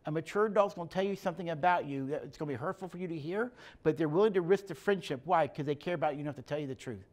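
A man's voice: on the high side, rapid-fire. A middle-aged man giving a conversational teaching talk, telling stories and acting out the dialogue in plain, direct speech. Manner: plainspoken storyteller, acts out dialogue. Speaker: speaker on emotional health and leadership.

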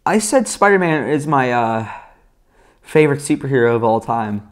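A young man giving a casual, rambling movie review, excitable and swearing, with lots of fillers. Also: mid-range voice, moderate pace.

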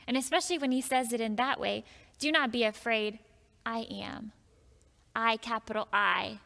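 A woman preaching a sermon in a church, reading scripture slowly and earnestly and then talking it through with the congregation. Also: a little high, vocal fry, bright, forceful tone. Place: church sanctuary. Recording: long hall reverb.

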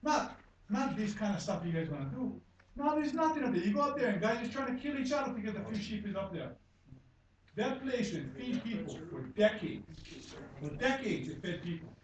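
A high-pitched man with a Hawaii Pidgin accent testifies at a public hearing, blunt and angry, with repeated phrases and swearing. He is heard from across a very echoey conference room, with faint background noise. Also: big pitch swings, moderate pace, far from the mic. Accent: Hawaii Pidgin-tinged English. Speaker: member of the public giving testimony.

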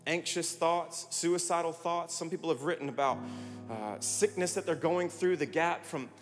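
A man preaching a sermon as pastor, energetic and rallying his congregation with repeated calls to respond. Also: a little high, moderate pace. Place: large church hall. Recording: long hall reverb, music behind.

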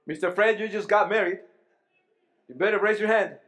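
A male pastor with a high-pitched voice, preaching a lively sermon in a church. He keeps checking in with the congregation and often repeats or restarts his words as he builds his point. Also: normal speed. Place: church sanctuary.

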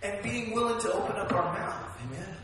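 Energetic male preacher; high, bright voice; recorded from a distance in a reverberant church hall. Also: brisk, a little hiss or hum. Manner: energetic, calls for amens. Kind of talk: sermon.

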